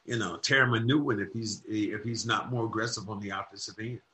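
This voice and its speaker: A man co-hosting a podcast, talking basketball in a casual, emphatic way that turns loud and lively when he argues a point. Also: on the low side, fairly quick. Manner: emphatic, gets loud and animated when arguing. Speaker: podcast co-host. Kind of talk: casual sports talk.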